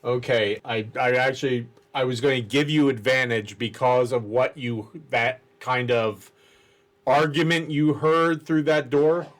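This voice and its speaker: A man narrating as game master of a tabletop game, halting and restarting as he describes the scene. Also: medium pitch, steady tone.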